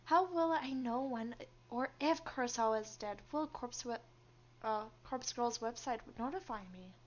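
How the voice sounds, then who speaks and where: A woman's voice: fairly high pitch, a little slow, muffled recording, slight background noise. A young woman streaming a game, reading its story lines aloud and chatting with viewers between them, laughing often.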